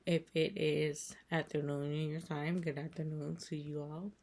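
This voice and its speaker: A woman's voice: low voice, level tone, unhurried, darkish tone. A woman creator giving a casual, earnest devotional talk, rambling and repeating herself as she encourages her viewers. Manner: rambling and repetitive, circling back on her points; earnest and emotional. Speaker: faith content creator.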